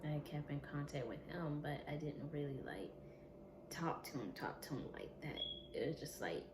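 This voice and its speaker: A woman's voice: low-pitched, expressive, normal speed. A woman vlogger candidly recounting a painful personal story, emotional and blunt, with occasional swearing. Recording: echoey room with noisy ambience.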